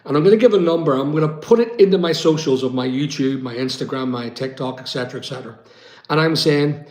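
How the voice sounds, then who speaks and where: A man's voice: fairly high pitch, fast, darkish tone. A man from Britain hosting a casual live-stream chat, rambling and reading viewer comments aloud. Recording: echoey room.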